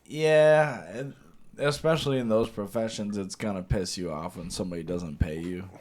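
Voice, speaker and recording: A man's voice: on the low side, moderate pace, a little mellow. A man co-hosting a casual talk show, rambling and swearing often as he acts out what people said. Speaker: podcast co-host. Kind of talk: casual chat.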